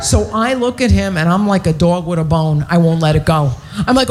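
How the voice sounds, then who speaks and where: A woman's voice: lowish voice, brisk, darkish tone. A woman performing a stand-up comedy set, brash, profane and self-mocking.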